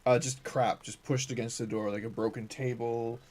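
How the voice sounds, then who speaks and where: A man runs a tabletop game as dungeon master, with a voice of middling pitch. He describes each scene in halting bits, full of fillers and restarts, as if working it out on the spot. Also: little pitch movement, a little mellow. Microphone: streaming setup with cameras.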